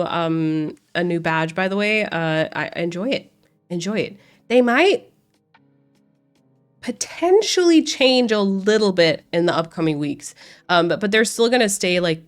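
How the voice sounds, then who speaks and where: A woman streamer chatting casually with her viewers, sounding congested and nasal from a cold and rambling with frequent restarts. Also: fairly low pitch. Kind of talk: casual livestream chat with viewers. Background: faint background music.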